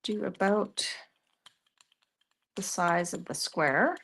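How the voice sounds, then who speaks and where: A woman's voice: mid-range voice, takes it slowly, a bit bright, husky. A woman giving a casual crafting tutorial, chatting and thinking aloud as she works. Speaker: mixed media art tutor.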